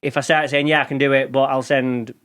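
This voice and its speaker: A man's voice: medium pitch, little pitch movement, brisk, fairly bright tone. Man, middle-aged, from England, casual interview guest, informal, storytelling. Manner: chatty, storytelling, informal slang. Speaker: podcast guest, lawn care expert.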